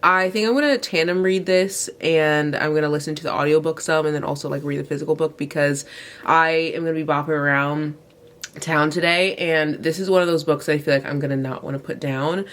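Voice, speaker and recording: A woman's voice: deep voice, fairly even intonation, brisk, fairly bright tone. Sleepy young woman chatting from bed. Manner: chatty, filler-heavy, many "like"s and restarts. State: sleepy, yawning, runny nose. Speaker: book vlogger. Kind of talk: casual early-morning vlog chat. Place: bedroom, lying in bed.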